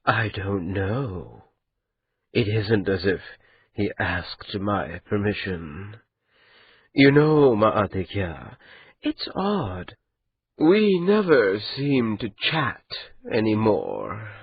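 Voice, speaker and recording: A man voicing an amused, cruel male spirit held captive, speaking in a slow, calm, mocking drawl. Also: lowish voice, breathy edge, dry recording, narrow, tinny audio, full character voice.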